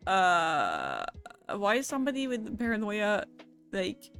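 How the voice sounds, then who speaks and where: Brief: young woman streamer, casual and foul-mouthed, mid-range voice, soft music under her. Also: mid-range voice, wildly swooping pitch. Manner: casual, profane, quick to laugh. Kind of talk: casual live-stream chat, reading viewer messages.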